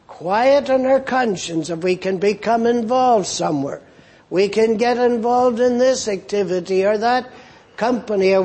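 A male preacher delivers a sermon in a high, slightly husky voice. He speaks slowly and earnestly, and his voice lifts as he presses pleading questions on his listeners. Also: a little mellow.

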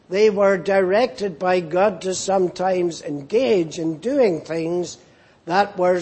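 Male preacher, high husky voice, unhurried Bible teaching with repeated key phrases. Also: a little mellow. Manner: slow, deliberate, repeats phrases for emphasis. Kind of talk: sermon, Bible exposition.

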